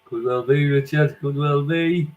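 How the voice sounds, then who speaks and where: A man hosting a quiz, reading out scores and questions slowly and repeating each question. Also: on the high side, fairly even intonation, a little mellow, lo-fi sound. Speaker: quiz host.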